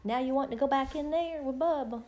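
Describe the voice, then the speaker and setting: A middle-aged woman talks with her viewers in a rambling, folksy way. Her voice sits a little on the high side. She drifts from one small story to the next as she hosts her live stream. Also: brisk, mellow. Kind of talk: casual chat with viewers.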